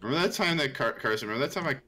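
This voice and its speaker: A man's voice: medium pitch, lively intonation, rapid-fire, bright, forceful tone, a little hiss or hum. A man chatting and teasing friends in a casual gaming session over a headset.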